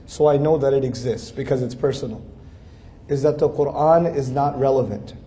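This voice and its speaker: Earnest man lecturing, mellow voice. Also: medium pitch, normal speed. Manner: earnest, rising to emphatic peaks, repetitive lists. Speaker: Islamic speaker. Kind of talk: lecture to a Muslim audience.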